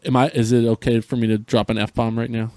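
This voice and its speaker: A man's voice: medium pitch, little pitch movement, a little fast, darkish tone, dry recording, clean studio sound. A middle-aged man from Central New Jersey, a podcast guest earnestly retelling a painful personal story with frequent restarts.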